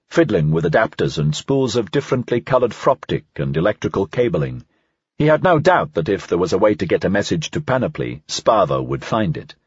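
A man giving a scripted, evenly measured narration of an audiobook. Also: fairly low pitch, slightly rough, no room sound, muffled recording.

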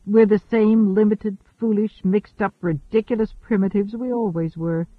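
A man reading the lines of a gentle, wise woman space traveler in an audiobook. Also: high voice, steady tone, normal speed, no room sound, lightly acted. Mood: reflective. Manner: gentle, reasoning. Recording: thin phone-like dry audio.

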